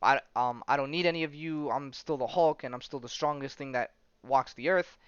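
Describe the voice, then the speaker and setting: A man's voice: medium pitch, brisk, fairly bright tone, clean tone, no echo, lightly acted. A man reading out the lines of a proud, solitary green male brute from a comic. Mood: defiant. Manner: reads comic dialogue aloud with fillers. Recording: dull lo-fi sound.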